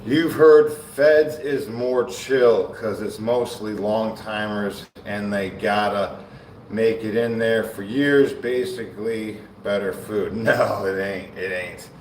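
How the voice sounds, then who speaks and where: A man's voice: lowish voice, steady tone, slow, darkish tone, a little hiss or hum. A man chatting casually on a live bodybuilding stream between sets, laid-back and slangy, often laughing. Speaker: bodybuilding livestreamer. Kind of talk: casual livestream chat while training. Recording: echoey room, mic far off, faint ambience.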